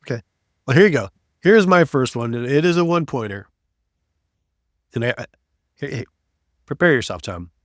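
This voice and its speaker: A man's voice: mid-range voice, expressive, normal speed, pauses often, no echo, clean studio sound. A man hosting a sports podcast with playful, teasing banter. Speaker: podcast host.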